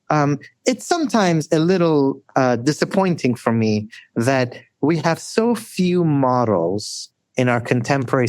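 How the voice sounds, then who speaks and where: Animated storytelling man, wide pitch swings. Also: no echo. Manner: animated storyteller, rising high for emphasis; frequent "right?" tags. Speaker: guest scholar. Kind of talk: storytelling in a podcast interview.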